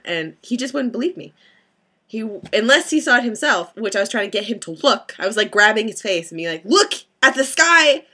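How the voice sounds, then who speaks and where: Brief: young woman vlogger with a bright, crisp voice; giggly, excitable storyteller who rambles and restarts. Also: mid-range voice. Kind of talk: casual dream-telling vlog.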